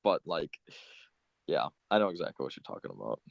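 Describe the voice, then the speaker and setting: A man's voice: very deep voice, very animated, brisk, vocal fry, no room sound. Teenage man, heated, dry lo-fi sound. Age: teens. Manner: heated, full of "like" fillers. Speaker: guest. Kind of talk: casual chat.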